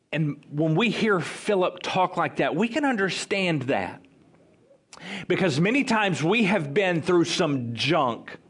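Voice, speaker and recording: A man preaching a sermon, slow and emphatic, with dramatic pauses. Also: fairly high pitch, big pitch swings, fairly bright tone, slightly rough.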